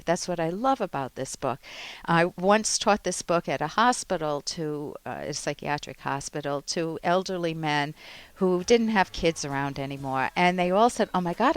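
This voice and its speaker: A woman psychologist hosting an advice radio show, explaining in a calm, instructive way. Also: fairly low pitch, no echo.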